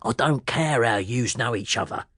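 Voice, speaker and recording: A man voicing a rude, menacing stranger with a gravelly, sneering voice. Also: mid-range voice, moderate pace, a bit bright, no echo, studio quality. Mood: gruff.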